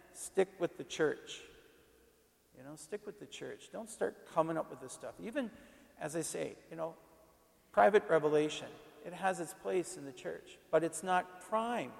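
Gravelly-voiced priest in a reverberant hall. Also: male voice, on the high side, a little mellow. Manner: conversational, emphatic, repeats himself. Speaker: Catholic parish priest. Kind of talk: informal teaching talk.

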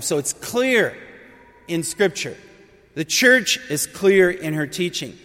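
Man, preacher, fairly high voice, earnest storytelling sermon, long hall reverb behind him. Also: sing-song, slow, fairly bright tone. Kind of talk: conversational sermon.

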